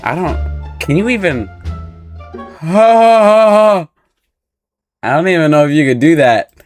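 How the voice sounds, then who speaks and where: A man's voice: fairly high pitch, lively intonation, slow, no echo, soft background music. A man doing casual reaction commentary on funny videos, laughing often and repeating short exclamations.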